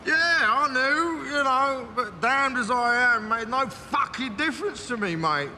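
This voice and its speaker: An actor playing a volatile middle-aged London gangster with a London accent, rambling, swearing and breaking into shouts. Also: male voice, very high voice, lively intonation, measured pace, exaggerated voice. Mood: exasperated. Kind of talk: television drama acting. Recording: long reverb, faint background noise.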